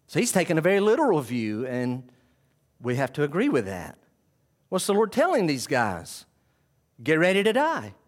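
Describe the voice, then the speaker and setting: Animated preacher man. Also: on the high side, moderate pace. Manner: animated preaching with questions to the congregation. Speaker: pastor. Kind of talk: sermon. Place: church sanctuary with congregation.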